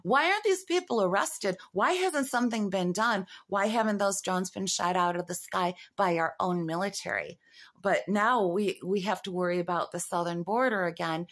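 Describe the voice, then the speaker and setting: A woman in her fifties talking to camera in a rambling monologue, halting with fillers and restarts and rising into agitated, urgent questions. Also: mid-range voice. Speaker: vlogger.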